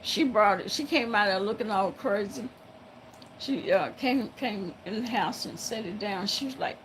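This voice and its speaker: A woman telling a story to viewers in a halting, casual way, breaking into frequent laughter. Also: medium pitch, noisy background. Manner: laughs often, halting with many fillers.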